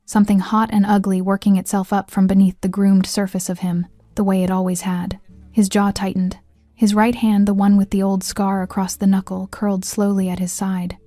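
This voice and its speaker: Mellow, even-toned woman narrator. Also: medium pitch, no room sound. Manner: measured, even reading. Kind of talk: scripted story narration. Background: faint music.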